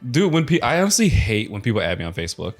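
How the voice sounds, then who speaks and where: A man's voice: medium pitch, very animated, rapid-fire, music in the background. A young man in his twenties hosting a podcast, chatting casually and joking around with a loose, swearing manner. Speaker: podcast host. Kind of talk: casual chat.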